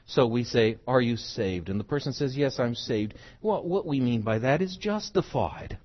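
A middle-aged man from the United States preaching a sermon, emphatic, swinging from soft to loud. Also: mid-range voice, animated, normal speed, few pauses, muffled recording.

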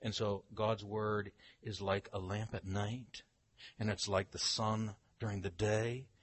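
An older man preaching a Bible-teaching sermon, emphatic, slowing down to read scripture aloud. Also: on the low side, level tone, husky, no room sound.

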